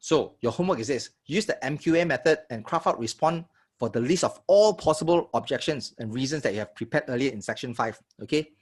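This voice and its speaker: Husky-voiced man teaching sales. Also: mid-range voice. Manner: energetic, checks in with audience often. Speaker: sales trainer. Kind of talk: live online workshop teaching.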